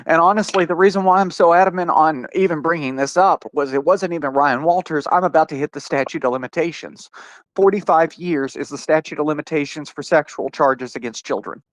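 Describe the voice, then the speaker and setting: A man's voice: a little high, fairly quick, dry recording. A man in a heated podcast conversation, telling his story in an angry, profane rush and acting out his own retorts. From Oklahoma.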